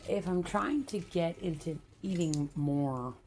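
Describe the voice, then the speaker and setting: Low gravelly woman rambling while walking. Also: noisy background. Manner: frank and rambling, with many pauses and fillers. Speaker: vlogger. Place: outdoors, walking home.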